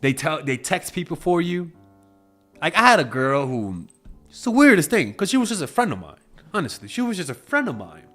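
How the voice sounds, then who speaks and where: This dating coach speaks a little high and a little fast, with a sing-song, fairly bright delivery over faint background music. His monologue offers blunt, casual dating advice, full of free swearing and quoted exchanges acted out loudly.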